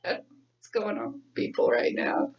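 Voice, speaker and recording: Chatty woman podcaster, distant lo-fi mic. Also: measured pace. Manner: chatty, rambling, laughs often. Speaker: podcast co-host. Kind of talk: casual chat. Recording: dull lo-fi sound from a distance.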